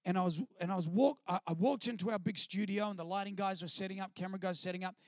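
A middle-aged man from New Zealand with a New Zealand accent, speaking as a guest on a church stage and sharing his testimony in an animated, self-deprecating, chatty way. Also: high voice, fast talker, no room sound, clean studio sound. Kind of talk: personal testimony storytelling to a live audience. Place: stage before a live audience.

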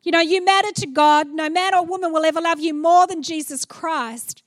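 A middle-aged woman preaching a sermon, animated and playful, acting out little scenes as she goes. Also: extremely high pitch, moderate pace, no room sound, clean studio sound.

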